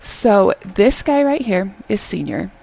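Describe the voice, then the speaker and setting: Gravelly, husky woman reviewing a drama. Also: mid-range voice, takes it slowly, low-quality recording. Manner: chatty, animated retelling, keeps asking "okay?". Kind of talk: casual video review.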